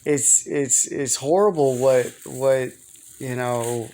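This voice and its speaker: A man's voice: mid-range voice, slow pace, darkish tone. A man talking casually to camera in a personal vlog, rambling and hesitant, often repeating words. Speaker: vlogger.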